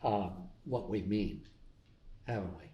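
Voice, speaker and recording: A man's voice: lowish voice, slow, warm tone, muffled recording. A man co-hosting a casual talk with his wife, easygoing and loose, with plenty of ums and you-knows. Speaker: co-host. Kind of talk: casual chat. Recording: echoey room.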